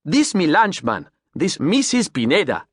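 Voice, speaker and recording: Pineda, a man doing a loud Creole captain. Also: fairly high pitch, wildly swooping pitch, a little slow, husky, no echo, studio quality, pitched above the performer's own voice, heavily acted. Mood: insistent. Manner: loud, clipped broken English. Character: lean grinning boat captain, boisterous man.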